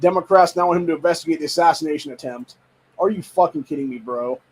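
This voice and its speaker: A man's voice: on the high side, fast, a little mellow, slightly rough, poor audio. A young man from Ohio hosting a political podcast, reading headlines aloud and reacting with heated, profane rants. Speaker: podcast host. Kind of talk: casual political commentary.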